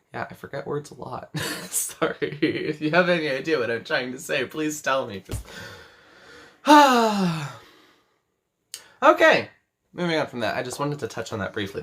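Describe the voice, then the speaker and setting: A man's voice: medium pitch, fairly bright tone. An eighteen-year-old man hosting a live craft stream from his bedroom, rambling, correcting himself and reading chat messages aloud. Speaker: crochet livestream host.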